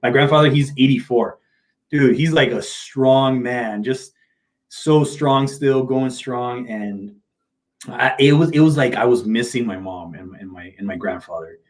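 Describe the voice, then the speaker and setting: A man's voice: mid-range voice, measured pace. Candid man telling emotional stories. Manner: open, emotional storytelling with casual slang. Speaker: motivational speaker. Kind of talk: candid interview talk.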